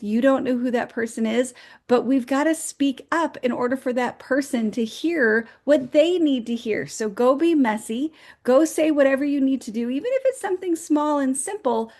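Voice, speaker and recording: A woman's voice: sits high, a little mellow. A woman co-hosting a motivational show, giving upbeat, encouraging advice as numbered points. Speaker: co-host. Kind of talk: motivational talk.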